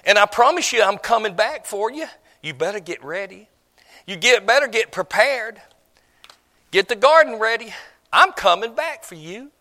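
A man's voice: high voice, lively intonation, moderate pace, pushed and bright, in a large hall, voice pushed up. A man playing an earnest young shepherd. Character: gentle young shepherd groom.

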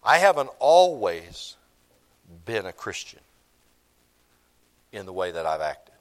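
A man's voice: on the low side, sing-song, slow pace. A man, preaching a sermon in church, repeating his points for emphasis. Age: 50s. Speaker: pastor.

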